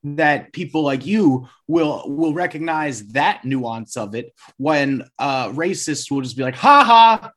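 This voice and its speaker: A man's voice: mid-range voice, a little slow, hardly any pauses. A man hosting a casual group chat over a video call, asking wry, joking questions. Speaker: podcast host.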